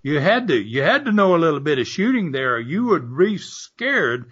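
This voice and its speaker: Older Southern guest, folksy storyteller, husky, lively pitch, muffled lo-fi sound. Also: male voice, moderate pace. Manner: folksy, animated storyteller who swears mildly. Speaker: guest, former wrestler and promoter. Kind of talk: casual storytelling interview. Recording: muffled lo-fi audio.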